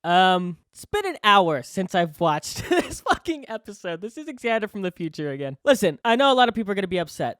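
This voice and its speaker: A man's voice: high voice, big pitch swings, fast talker, few pauses, a bit bright, dry recording, clean studio sound. Swearing young man ranting in a reaction video. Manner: emphatic, swears a lot, frustrated ranting. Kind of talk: casual reaction commentary.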